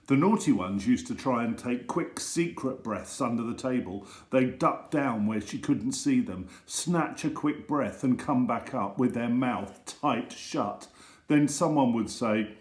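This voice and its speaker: A man at the front of a school assembly reads funny stories and jokes to children, gentle and teasing. His voice sits mid-pitch and rings around an echoey hall. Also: expressive, a little slow. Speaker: teacher leading a school assembly. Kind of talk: storytelling and reading jokes to children.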